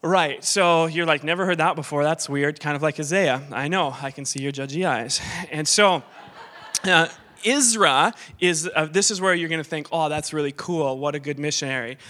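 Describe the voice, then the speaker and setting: A bright-voiced man in his thirties speaks from the stage as a visiting missionary, wandering into joking, self-deprecating asides. His voice sits fairly high and rings out with a long hall reverb. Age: 30s. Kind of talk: church talk with humorous stories. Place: church sanctuary.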